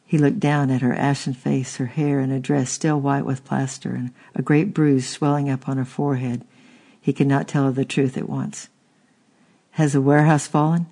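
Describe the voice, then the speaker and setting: A man narrating a historical story aloud in a steady reading, now and then stumbling and repeating a word. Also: mid-range voice, moderate pace, creaky. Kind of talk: audiobook reading.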